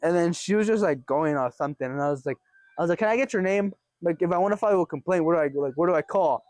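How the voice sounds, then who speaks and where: A young man casually telling a story on his vlog in an animated way, swearing often and laughing as he goes. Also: on the high side, very fast, no room sound. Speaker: vlogger.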